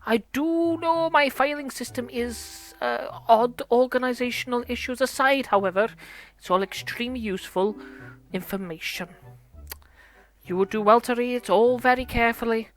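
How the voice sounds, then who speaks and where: A woman's voice: fairly high pitch, moderate pace, pitched above the performer's own voice, natural voice. A woman voicing a fussy, bookish old man who scolds his noisy brother in a pompous, huffy way while reading game dialogue aloud.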